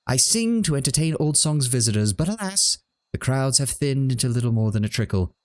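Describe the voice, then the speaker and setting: A man's voice: medium pitch, sing-song, brisk, voice pushed up, close to an everyday voice. A man voicing a vain, silly small male Orlan singer while reading game dialogue aloud, in a sing-song, lecturing manner.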